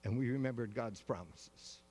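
A male pastor preaching a sermon, telling the story in a measured way with slow, weighty pauses. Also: mid-range voice, a little mellow, husky, big-room sound.

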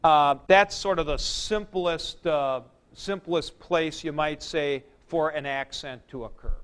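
A man teaching a class, explaining slowly with fillers and "okay?" checks to the students. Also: on the high side, fairly bright tone, smooth. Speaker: Greek teacher. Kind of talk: classroom lecture.

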